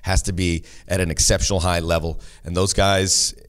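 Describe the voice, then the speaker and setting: A man's voice: sits low, little pitch movement, normal speed. A man co-hosting a casual soccer talk show, chatting and answering listener questions. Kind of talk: casual sports chat. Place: studio near the team's home ground.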